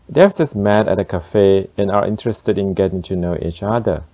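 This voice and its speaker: A man teaching beginner German phrases, explaining slowly and deliberately. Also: low-pitched, dark tone, soft background music. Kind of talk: beginner language lesson.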